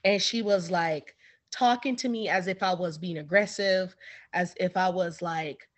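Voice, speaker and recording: Woman author chatting in an interview, lively storyteller, does little voices for people in her story. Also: on the low side, a little slow. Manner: animated, acts out the people in her stories. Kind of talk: casual storytelling chat.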